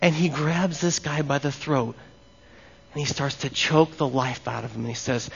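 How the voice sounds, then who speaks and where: A man preaching a lively sermon and talking directly with his congregation. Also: medium pitch, normal speed, creaky, husky. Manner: animated, talks with the congregation. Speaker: pastor. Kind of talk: live sermon. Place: church before a congregation. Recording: long reverb, dull lo-fi sound.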